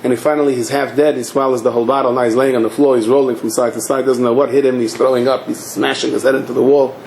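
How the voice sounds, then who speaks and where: Fast-talking, animated rabbi in a hall. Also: male voice, mid-range voice, vocal fry, slight background noise. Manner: animated, acting out the story. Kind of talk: sermon storytelling. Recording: echoey hall.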